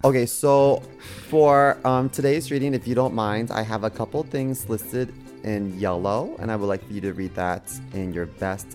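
A man's voice: lowish voice, moderate pace, a little mellow, soft background music. A man co-hosting a comedy podcast, laid-back and giggly, reading a silly story in a mock-storybook way. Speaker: podcast co-host.

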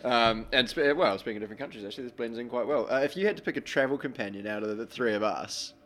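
A man's voice: medium pitch, quick pace, a bit bright. A young man with a New Zealand accent, hosting a casual podcast chat and steering it with jokes. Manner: jokey, steers the conversation. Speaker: podcast host.

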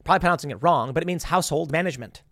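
A man's voice: a little high, very fast, a bit bright, dry recording, clean studio sound. A man delivering an opinionated political monologue, acting out quoted voices with sarcasm and stumbling restarts. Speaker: political commentator.

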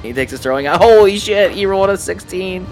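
A man's voice: sits high, expressive, brisk, soft background music. A man narrating a tabletop game as game master, casual and profane, often laughing.

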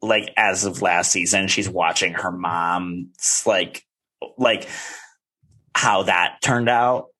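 Rambling low-voiced man chatting. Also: steady tone, slow pace, bright, forceful tone. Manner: rambling, heavy on "like" fillers, acts out quotes. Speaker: podcast co-host. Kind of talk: casual reality-TV recap chat.

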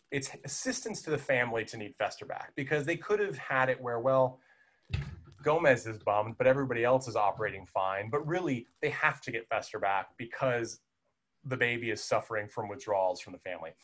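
A man's voice: mid-range voice, moderate pace. Chatty man reviewing a film. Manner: chatty, animated retelling with many fillers. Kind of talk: casual film discussion.

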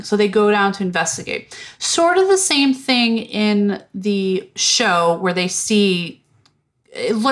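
A woman hosting a podcast in casual chat, animated and profane, laughing often and acting out lines. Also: mid-range voice. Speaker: podcast host.

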